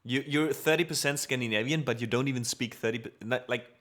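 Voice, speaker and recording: Chatting with viewers during his music livestream, a native German speaker with an accent stays upbeat and laughs a lot as he goes through the chat. He talks fast, in a mid-range voice that's a bit bright.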